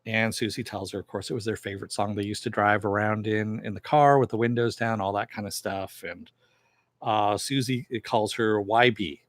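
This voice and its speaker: A man's voice: lowish voice, steady tone, moderate pace, no room sound. A man hosting a casual TV episode recap and review, talking loosely with lots of fillers and jokey asides.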